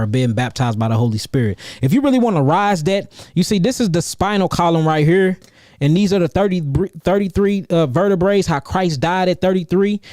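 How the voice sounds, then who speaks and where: Male host, fairly high voice, dry close sound, animated live Q&A delivery with lots of repetition. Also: no room sound. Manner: animated, calls out chat names and repeats himself for emphasis. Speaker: herbalist host answering viewer questions. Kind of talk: livestream Q&A, casual and preachy.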